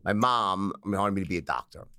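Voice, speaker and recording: A man's voice: sits low, brisk, clean tone. An American man telling stories in a casual interview as the guest, acting out the people in them and laughing often. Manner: lively, animated storyteller who acts out the people in his tales, laughing often.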